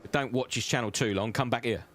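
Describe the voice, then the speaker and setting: A man's voice: medium pitch, quick pace, fairly bright tone. Cheeky chatty man streaming a race. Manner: chatty, banters with chat, cheeky. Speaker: sim racing streamer. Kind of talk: live-stream gameplay commentary. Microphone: own desk mic, close and loud.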